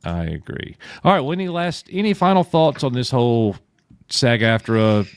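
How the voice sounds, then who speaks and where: A man's voice: medium pitch, animated, normal speed, smooth, no room sound. A man hosting a casual livestream chat, opinionated and drawn out when making a point. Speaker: podcast host.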